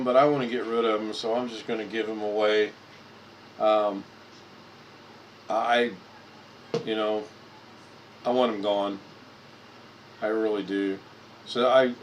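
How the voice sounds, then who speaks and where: A man with a slightly low voice chats casually on his own live stream. He rambles and repeats himself while clicking through photos at his computer. A faint hum sits in the background. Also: poor audio.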